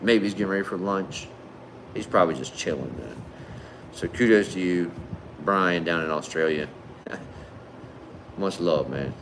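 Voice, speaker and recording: A deep-voiced man hosts a livestream, reading viewer comments and giving friendly, laid-back shout-outs. He speaks at a measured pace with frequent pauses, relaxed and conversational, sprinkling in "man" and "brother," over a faint hum.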